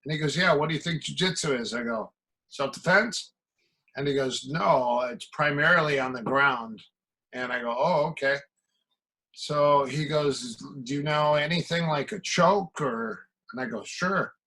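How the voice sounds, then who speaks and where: A man's voice: on the high side, measured pace, sharp tone, husky, low-quality recording. A middle-aged man from the American Midwest, a martial arts coach telling stories as a podcast guest and acting out quoted exchanges. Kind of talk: casual storytelling.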